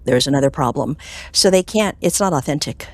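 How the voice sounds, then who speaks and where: A woman, a clinical hypnotherapist, talking as a guest in an interview, telling stories with animated swings up in pitch and soft whispers on quoted phrases. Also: fairly quick, dry recording. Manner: animated storytelling, voice jumping high with enthusiasm. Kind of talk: conversational interview.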